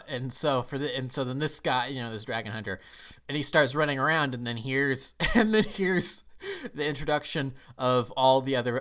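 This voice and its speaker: A man's voice: mid-range voice, bright, forceful tone. A man from the United States giving a casual, rambling film review vlog, often emotional and restarting his sentences.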